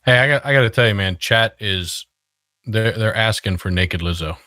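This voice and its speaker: A man's voice: on the low side, moderate pace, pushed and bright, dry recording, studio quality. A man co-hosting a podcast, bantering in a laid-back, jokey way and passing on comments from chat. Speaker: podcast co-host. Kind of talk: casual banter.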